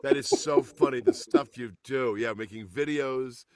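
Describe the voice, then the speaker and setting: A middle-aged man and voice actor chatting as an interview guest, lively and prone to acting out quotes. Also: medium pitch, normal speed, dry recording, clean studio sound. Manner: animated, slips into voices and shouts for quotes. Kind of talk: casual interview chat.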